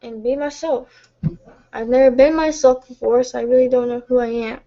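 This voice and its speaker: A tired woman speaking softly and haltingly in a late-night confessional live stream from home, stumbling and restarting as she gets emotional. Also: on the high side, steady tone, dull audio. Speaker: vlogger.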